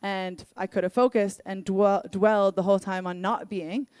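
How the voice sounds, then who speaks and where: A young adult woman leading worship, telling personal stories in an earnest, candid sermon and acting out what people said in lively voices. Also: medium pitch, normal speed, smooth, no room sound. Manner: earnest, candid storytelling with lively acted-out quotes. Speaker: worship leader.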